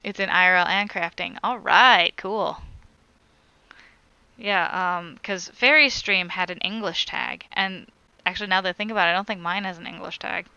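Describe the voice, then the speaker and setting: A woman's voice: on the low side, moderate pace, bright, forceful tone, smooth, no echo, muffled recording, faint music behind. A woman on a crochet live stream, chatting casually as she reads viewer comments aloud and answers them.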